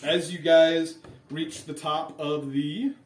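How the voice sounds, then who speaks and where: A man running a tabletop game as game master, narrating in a relaxed way with many fillers. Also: a little high, takes it slowly. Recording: echoey room, voice from far off.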